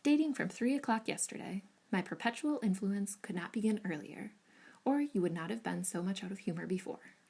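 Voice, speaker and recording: A witty, spirited young lady, voiced by a woman reading a storybook. She banters archly. Her mid-pitched voice has a gravelly edge. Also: lively intonation, fairly quick, a little mellow. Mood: bantering. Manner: arch and bantering.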